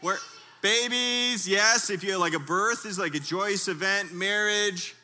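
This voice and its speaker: A man preaching a sermon in a tent, telling a humorous story in a lively way and calling out to his listeners. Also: high voice, measured pace. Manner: lively, humorous storytelling with audience call-outs. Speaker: pastor.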